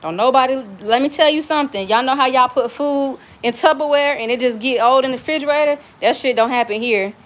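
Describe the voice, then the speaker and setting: Chatty Southern woman, slightly high voice. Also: brisk, hardly any pauses. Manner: chatty, frank, storytelling, swears freely. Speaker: cooking vlogger. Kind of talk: casual livestream chat while cooking. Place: home kitchen.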